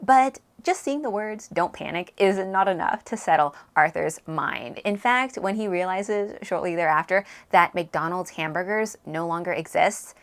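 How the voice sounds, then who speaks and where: A woman hosting a book review vlog, talking in an animated, emphatic, conversational way while drawing a reflection from scripture. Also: on the low side, moderate pace, hardly any pauses. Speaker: book reviewer and Bible teacher.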